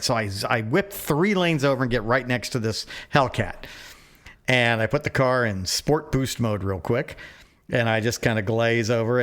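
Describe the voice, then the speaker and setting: A man co-hosting a podcast, telling a lively story over a phone call with frequent laughs. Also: mid-range voice. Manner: animated storyteller, laughs often. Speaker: podcast co-host. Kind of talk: casual phone chat storytelling.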